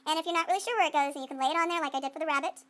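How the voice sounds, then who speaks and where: High-voiced woman teaching a clay demo. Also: rapid-fire, a bit bright. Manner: playful, talks to herself while working; call-and-response with students. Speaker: art teacher. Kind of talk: classroom demonstration.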